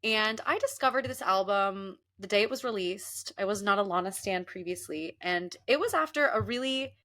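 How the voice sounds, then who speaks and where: Young woman, podcast host, casual chatty storyteller, animated, mid-pitched voice. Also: moderate pace. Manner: animated, laughing, often acts out quoted people. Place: Los Angeles.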